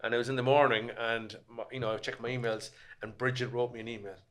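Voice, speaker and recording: A man with an Irish accent, a podcast guest who tells animated stories, swears freely and quotes himself along the way. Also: mid-range voice, fast. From Ireland. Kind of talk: casual chat.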